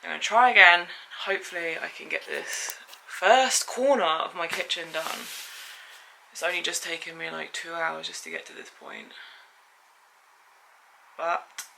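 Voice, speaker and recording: A woman's voice: lowish voice, steady tone, unhurried, gravelly, long pauses, pushed and bright, slight background noise. A young woman talking casually to camera in a van-build vlog, chatty and self-critical, sometimes dropping to a near-whisper. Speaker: van life vlogger. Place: garage and driveway while building.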